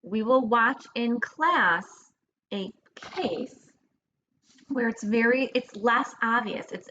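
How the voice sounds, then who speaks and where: Brief: woman lecturer, casual and halting, dull recording with faint hiss. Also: medium pitch, a bit bright. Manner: casual, hesitant, many fillers and restarts.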